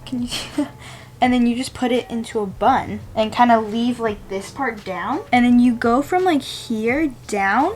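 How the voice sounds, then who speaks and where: A woman's voice: a little high, unhurried, a little mellow, faint music behind. A woman vlogging her day in casual chat, with lots of "like" fillers and giggles, filmed on a handheld camera at home. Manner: chatty, many "like" fillers, giggly. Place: home, then in a car.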